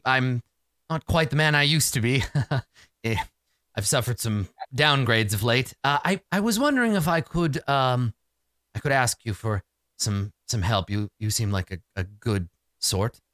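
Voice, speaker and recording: Fussy polite talking skull, as a game master does it, lively stammering voice. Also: male voice, mid-range voice, measured pace, no echo, studio quality. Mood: apologetic. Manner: prim, apologetic, stammering. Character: prim polite floating skull, male, fussy.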